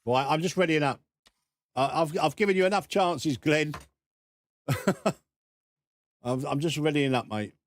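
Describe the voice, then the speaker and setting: A man's voice: fairly high pitch, unhurried, long pauses, dry recording. A man streaming a racing game, chatting casually with viewers in a teasing way, laughing often and repeating words as he goes. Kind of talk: casual live-stream chat.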